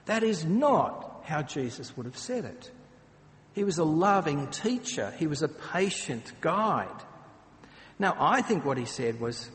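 A man preaching a sermon, speaking earnestly and slipping into dramatic acted quotes. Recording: long hall reverb, faint rumble.

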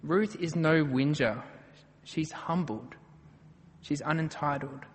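A man's voice: fairly high pitch, takes it slowly, in a large hall. An Australian man preaching a sermon, earnest and emphatic as he works through a passage verse by verse.

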